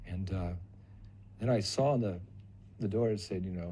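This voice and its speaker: An older man recounting a personal memory as a lively storyteller who acts out other people's lines. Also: low-pitched, normal speed, long pauses, a little hiss or hum. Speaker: devotee recalling memories.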